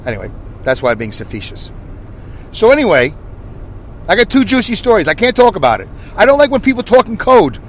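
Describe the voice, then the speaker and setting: Podcast host, fifties, New York accent, loud and rambling, slightly high voice, faint background noise. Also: male voice, very animated, brisk, pauses often. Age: 50s. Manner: loud, rambling, self-deprecating. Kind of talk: casual monologue.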